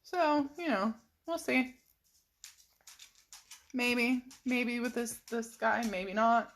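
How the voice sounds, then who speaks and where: A woman's voice: on the high side, slow, fairly bright tone. A middle-aged woman casually telling a rambling personal story in a vlog, full of fillers and little laughs. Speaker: vlogger.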